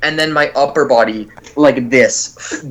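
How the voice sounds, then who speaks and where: A man's voice: mid-range voice, measured pace, a bit bright, a little hiss or hum. Young Californian man rambling through a story. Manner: rambling, profane, acts out what he describes. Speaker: podcast guest. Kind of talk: casual comedic storytelling.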